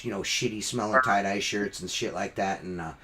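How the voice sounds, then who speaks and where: A man's voice: on the low side, a little fast, noisy background. Profane rambling male podcast host. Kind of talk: casual chat.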